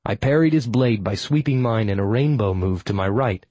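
Husky-voiced man narrating wryly. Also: lowish voice, animated, moderate pace, mellow, no echo, poor audio. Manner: wry, sardonic storytelling. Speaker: audiobook narrator. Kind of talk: first-person fantasy audiobook narration.

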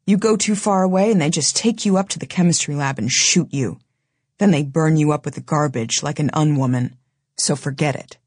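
A woman's voice: low voice, fairly quick, darkish tone, husky, no room sound, clean studio sound. A woman voicing a tough, defiant young woman who speaks in a hard, intent, commanding way.

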